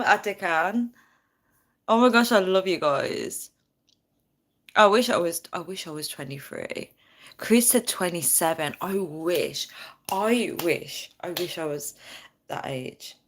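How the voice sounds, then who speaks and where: A woman's voice: fairly low pitch, fairly bright tone. A woman in her thirties hosting a casual phone live stream, chatty and bubbly, reading out viewer comments. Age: 30s. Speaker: livestream host.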